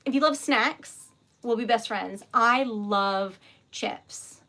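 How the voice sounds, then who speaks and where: Giggly excitable woman chatting with viewers while crafting, kinda high voice. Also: slow. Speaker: livestream host. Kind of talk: casual livestream chat while crafting.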